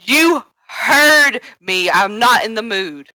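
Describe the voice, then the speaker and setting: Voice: medium pitch, lively intonation, brisk, pushed and bright, dry recording, voice pushed up, low-quality recording. A player voicing a blunt, irritable young woman adventurer who swears and talks curtly during a tabletop role-play. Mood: angry. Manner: curt, swearing, sarcastic.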